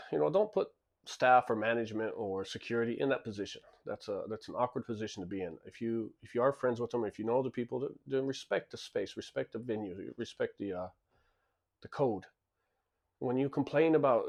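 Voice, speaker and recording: A man's voice: medium pitch, darkish tone. A man who owns a club tells stories in a casual monologue, blunt and emphatic, often repeating words as he restarts sentences. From lives in Japan. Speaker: club and bar owner.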